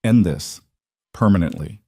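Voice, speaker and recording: A man voicing a weary male crime boss who speaks calmly, in clipped commands. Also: on the low side, moderate pace, no echo, studio quality, lightly acted. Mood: cold.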